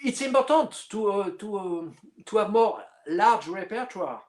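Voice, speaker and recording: Halting man with a higher voice. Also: expressive. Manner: halting, searching for words with many fillers. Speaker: clarinetist guest. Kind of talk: casual interview conversation.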